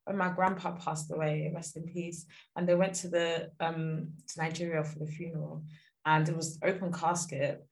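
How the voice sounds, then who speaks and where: A young woman in her twenties co-hosting a casual chat, telling animated stories and laughing often. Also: sits low, normal speed, low-quality recording. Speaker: podcast co-host.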